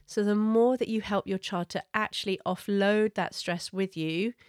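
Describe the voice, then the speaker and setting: A woman giving parenting advice in a gentle, earnest, explanatory way. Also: mid-range voice, fairly even intonation, normal speed, smooth, dry recording, clean studio sound. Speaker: parenting coach.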